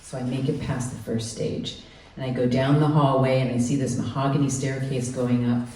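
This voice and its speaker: Low, mellow woman telling a story on stage. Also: moderate pace. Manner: animated, acts out the people she quotes. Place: live storytelling event. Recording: echoey room, mic from far off, faint noise.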